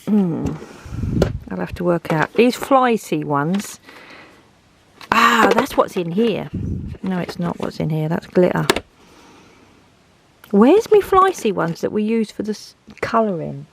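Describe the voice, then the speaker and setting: A woman's voice: medium pitch, big pitch swings, slow pace, vocal fry, pauses often, very noisy. A woman chatting casually in a home craft vlog, rambling and thinking aloud as she sorts through her things. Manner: rambling, thinks aloud, talks to herself while sorting. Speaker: craft vlogger. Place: home craft room, indoors.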